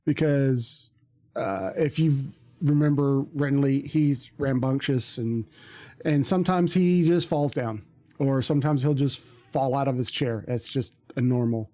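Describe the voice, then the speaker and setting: A man's voice: medium pitch, measured pace, mellow. A man, a streamer, telling a story in casual chat, rambling with many ums and restarts.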